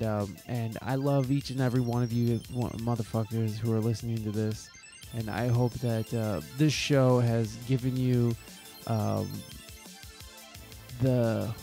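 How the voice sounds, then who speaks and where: A man's voice: mid-range voice, dark tone. A man hosting a podcast, giving a heartfelt, profane, rambling monologue full of restarts. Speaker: podcast host.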